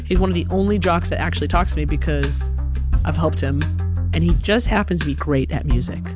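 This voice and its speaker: A woman from Alabama telling a personal story in a lively, chatty way, full of "like". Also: low-pitched, a little fast, music in the background.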